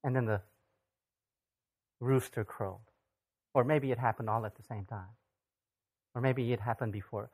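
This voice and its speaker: Pastor, mid-pitched voice, relaxed sermon delivery, talks to the room with lots of rhetorical questions. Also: measured pace, pauses often, slightly rough. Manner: conversational, asks the audience rhetorical questions.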